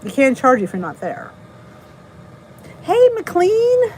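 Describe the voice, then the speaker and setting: A woman's voice: extremely high pitch, wildly swooping pitch, takes it slowly, a little mellow, slight background noise, low-quality recording. A middle-aged woman with a New Jersey accent, hosting a casual live stream, chatting, greeting viewers and laughing at herself. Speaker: channel host reading live chat.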